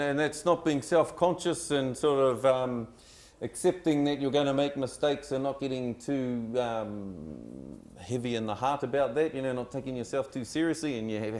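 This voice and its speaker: A man with a New Zealand accent speaks to a live audience in a voice of middle pitch. He rambles in a relaxed way and drops Māori words into his English. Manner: laid-back, rambling, mixing in Māori words. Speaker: co-presenter of a language workshop. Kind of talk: casual storytelling to a live audience.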